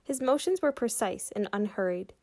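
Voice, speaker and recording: A woman reading a children's book aloud, pausing to ask her young listeners questions about the story. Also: medium pitch, expressive, a little mellow. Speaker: reader for children.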